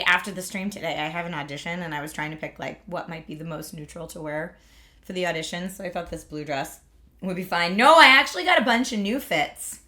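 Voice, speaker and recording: A woman's voice: lowish voice, pushed and bright. A woman in her thirties from Pennsylvania hosting a livestream, chatting casually, laughing often and filling with "like". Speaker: livestream host.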